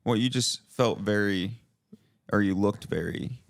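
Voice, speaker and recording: A man co-hosting a podcast, chatting casually and teasing his co-host with a joking tone. His voice sits a little low and the sound is dry and close. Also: measured pace, vocal fry, dry recording. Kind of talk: casual chat.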